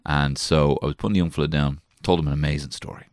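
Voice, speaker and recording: A man's voice: a bass voice, steady tone, quick pace, a little mellow, no echo, clean studio sound. A man in his thirties telling a rambling comic story as a podcast host, swearing and mocking himself as he jumps into put-on voices. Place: small garden shed.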